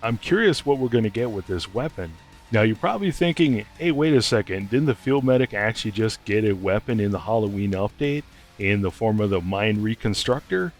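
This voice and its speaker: A man's voice: fairly low pitch, animated, a little fast, faint music behind. A man giving casual gaming news commentary, chatty and speculative, thinking aloud as he goes. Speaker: gaming video host.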